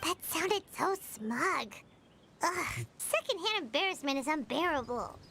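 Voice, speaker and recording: A woman's voice: high voice, animated, unhurried, bright, forceful tone, slight background noise, exaggerated voice. An actress voicing a tiny, cheeky girlish companion creature in a video game, snarky and whiny.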